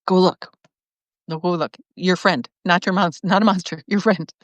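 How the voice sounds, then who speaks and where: A woman hosting a live video, reading out viewer comments and answering in an animated way, laughing often and restarting her sentences. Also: on the low side, moderate pace, no room sound. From lived in Chicago, now in California. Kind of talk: casual live-stream talk.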